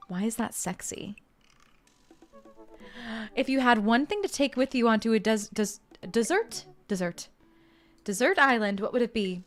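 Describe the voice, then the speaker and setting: A woman's voice: a little high, expressive, normal speed. A young adult woman streaming a video game, chatting casually and playfully while reading the game's text aloud. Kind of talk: casual game playthrough commentary.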